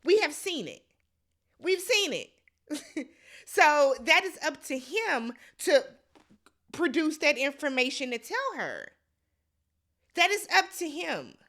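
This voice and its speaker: A woman's voice: high voice, sing-song, slow pace, long pauses, a bit bright. A woman giving a blunt, exasperated casual recap commentary, talking straight to the viewer. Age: adult. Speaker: recap vlogger.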